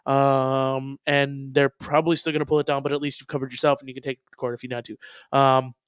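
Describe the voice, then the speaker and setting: A man's voice: mid-range voice, level tone, fast talker, clean tone, no echo, clean studio sound. A male show host in casual commentary, reading a disclaimer aloud with profane, sarcastic asides and chatting with viewers. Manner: chats with viewers in a live chat.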